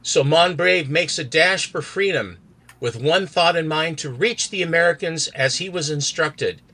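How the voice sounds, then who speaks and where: On a podcast, a man speaking a little slowly in a sharp, high-leaning voice walks through a comic book story with lively storytelling. He reads out what each character says and does them in different accents.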